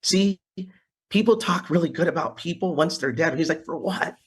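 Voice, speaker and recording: A man's voice: on the high side, a little fast, breathy edge. A man on a podcast as a guest, telling his story in an earnest, fired-up way, with restarts as he builds up. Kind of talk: casual storytelling interview.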